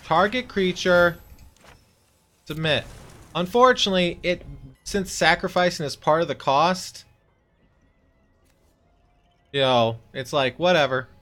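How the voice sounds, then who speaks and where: A man's voice: fairly high pitch, slow, pauses often, fairly bright tone, faint music behind. A man casually commenting on his own card game, talking to his opponent with mock-exasperated outbursts. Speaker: streamer playing a card game.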